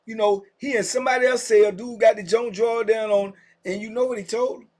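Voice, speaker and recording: A middle-aged man telling a prison story in a casual, animated way, full of slang and talking straight to his listeners. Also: sits high, brisk.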